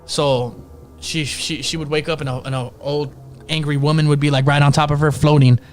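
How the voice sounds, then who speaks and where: A man's voice: a little high, little pitch movement, normal speed, soft background music. A man casually telling a ghost story on a podcast, profane and slangy, acting out the other people's lines. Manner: profane, slangy, acts out quotes in voices.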